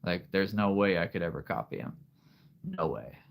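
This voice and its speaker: A man in his thirties chatting casually as host of a livestream, rambling and halting and laughing often. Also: low-pitched, animated, creaky. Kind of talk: casual live-stream chat.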